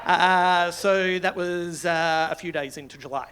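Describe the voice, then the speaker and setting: An Australian man performing a stand-up comedy set on a club stage, rambling and swearing freely, building to loud outbursts. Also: high voice, steady tone, a little slow, slight background noise.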